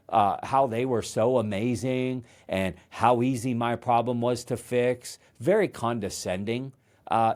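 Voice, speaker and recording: A man hosting a motivational solo talk at a middling pitch. His delivery is conversational and emphatic. He often restarts his sentences. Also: a little mellow. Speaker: host.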